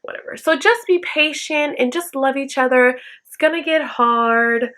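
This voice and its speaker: Blunt, bright-voiced woman vlogger. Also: high voice, measured pace. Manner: blunt, profane, emphatic; acts out quoted lines in a raised voice. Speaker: vlogger answering viewer questions. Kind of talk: casual advice chat to camera.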